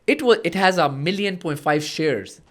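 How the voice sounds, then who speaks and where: A man's voice: on the high side, lively intonation, normal speed. A young man, a comedian and vlogger, telling stories in a casual podcast chat and acting out his own past lines with animation.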